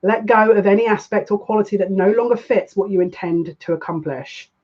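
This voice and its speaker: A woman's voice: medium pitch, fairly even intonation, brisk. A woman doing a live tarot reading, chatting with emotional asides and reading aloud from a card book. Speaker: psychic card reader. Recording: dull lo-fi recording.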